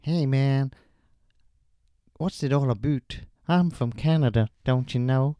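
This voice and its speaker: A man's voice: mid-range voice, slow, dark tone, smooth, no room sound, studio quality, close to an everyday voice. A man putting on a silly, sing-song impression of a young male pop star. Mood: goofy.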